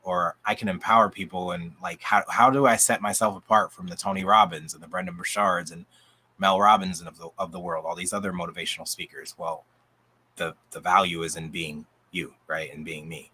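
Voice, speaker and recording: A man's voice: low-pitched, fairly even intonation, brisk, bright, forceful tone, breathy edge. A man, a coach, chatting enthusiastically on a group video call, his voice going out. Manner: upbeat, enthusiastic, rambling with restarts. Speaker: coach, channel guest.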